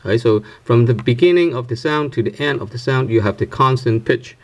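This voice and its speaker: A man explains a language lesson in an unscripted, step-by-step way, full of fillers, restarts and a frequent questioning "right?". His voice sits at an ordinary middle pitch, and he often says sample syllables aloud to show each tone. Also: a little fast. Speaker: language teacher.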